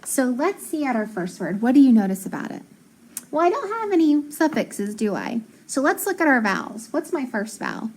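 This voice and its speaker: A woman teaching phonics to young students, patiently sounding out words slowly and clearly. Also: sits high, very animated, darkish tone, slight background noise. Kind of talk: recorded lesson for young students.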